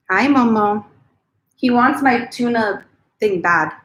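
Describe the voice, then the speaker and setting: A woman's voice: a little high, fairly bright tone. A woman hosting her first crochet livestream from home. She talks casually and giggles a lot while eating, through a computer camera mic. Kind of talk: casual live-stream chat.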